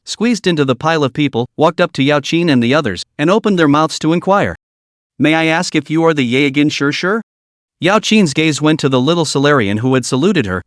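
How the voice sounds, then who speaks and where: A man narrating a recap of a web novel in an even, steady read. His voice sits a little high for a man and is recorded close and dry, with no room around it. He voices every character in that same plain delivery. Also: no room sound.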